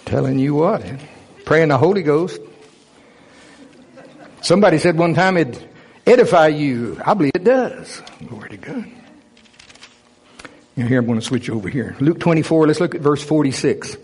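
A man's voice: a little high, expressive, normal speed, long pauses, darkish tone, husky. A man preaching a Bible teaching sermon, emphatic, reading scripture aloud and putting rhetorical questions to his listeners. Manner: reads scripture aloud in King James wording.

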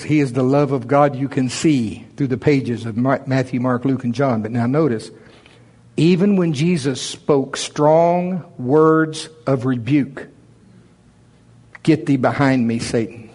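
A man preaching a sermon, reading scripture in old English between his own plain-spoken points. His voice sits in a middle pitch, and he pushes harder as he presses the message home. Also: a little slow, darkish tone. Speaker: pastor.

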